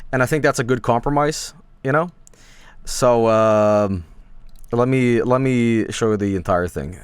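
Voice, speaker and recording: A man's voice: mid-range voice, dry recording. A man chatting casually on a stream, rambling with lots of fillers and restarts and swearing now and then.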